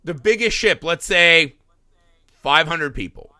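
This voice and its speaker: Male podcast co-host, bright, slightly high voice, casual and profane, mocking impressions. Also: slow, no echo. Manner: animated, profane, laughing, slips into mocking voices. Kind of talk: casual film review chat.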